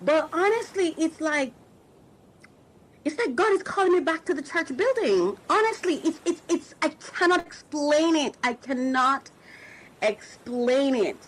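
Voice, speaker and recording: Woman podcast host, middle-aged, heartfelt spiritual talk, halting, many restarts. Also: high-pitched, expressive, rough recording. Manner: emotional, searching for words, frequent restarts. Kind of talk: reflective spiritual talk to listeners.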